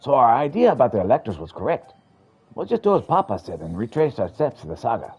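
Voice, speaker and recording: Streaming a game playthrough, a man reads the characters' lines aloud, animatedly switching voices and accents for each one. His mid-range voice is quick and slightly rough. The stream audio is dull and lo-fi, with faint game music behind him.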